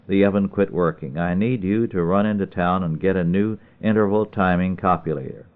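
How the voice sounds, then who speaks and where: A man reading as a sharp-tongued farm wife rattling off her chores, brisk and insistent. His voice stays deep. The sound is thin and tinny, like a phone line. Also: close to an everyday voice.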